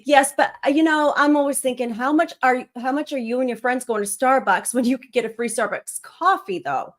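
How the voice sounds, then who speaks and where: A woman's voice: sits high, fairly quick. A middle-aged woman chatting as a guest on a livestream, rambling casually with laughs and fillers.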